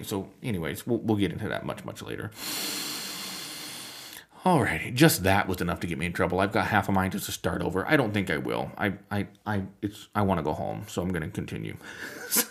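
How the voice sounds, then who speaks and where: A man's voice: deep voice, vocal fry. A man hosting a podcast, talking through a scripted monologue with wry asides and frequent self-interruptions. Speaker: podcast host teaching on Bible languages.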